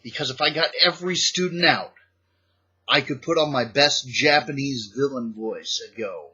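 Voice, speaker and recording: A man telling playful stories in a casual vlog about his teaching days, animated and a little halting, with frequent restarts. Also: mid-range voice, slightly rough, highs cut off. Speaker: vlogger, former teacher in Japan.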